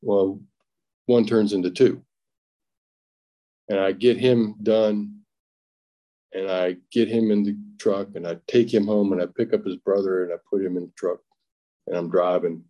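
A middle-aged man giving plainspoken personal testimony at a recovery meeting, with halting restarts and acted-out quotes. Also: deep voice, little pitch movement, warm tone. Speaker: recovery speaker sharing his story.

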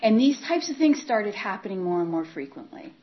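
A woman's voice: medium pitch, big pitch swings, fairly quick, dull audio. A woman giving an emotional personal testimony about her past, acting out her old inner voice and at times dropping to a whisper. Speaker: speaker sharing a recovery story.

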